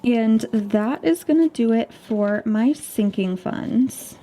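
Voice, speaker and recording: A woman's voice: on the high side, slow pace, warm tone. A woman in her twenties, a budgeting vlogger, chatting in a bubbly, gushing way while stuffing cash envelopes. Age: 20s.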